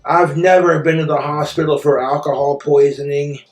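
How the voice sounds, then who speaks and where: A man's voice: on the high side, fairly even intonation, moderate pace, roomy sound, soft background music. A man in an angry personal rant, bitter, profane and indignant. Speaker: streamer telling his story.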